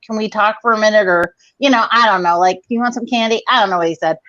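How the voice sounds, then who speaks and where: A woman in her forties on a video call, telling a rambling, profane story in a casual, animated way. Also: mid-range voice, fast talker, no room sound, highs cut off. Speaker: guest comedian.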